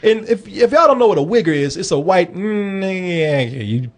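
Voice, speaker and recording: A man hosting a movie review podcast, talking in an animated, joking, profane casual chat. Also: high voice, normal speed.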